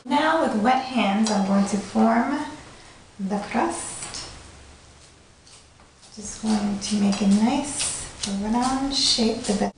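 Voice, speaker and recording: Woman demonstrating a recipe, fairly high voice, playful put-on accent, echoey room, distant mic, kitchen clatter behind. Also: extremely slow, pauses often, slight background noise. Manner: playful put-on mixed accent, laughing at herself. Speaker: cooking show host. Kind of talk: home cooking demonstration. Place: home kitchen.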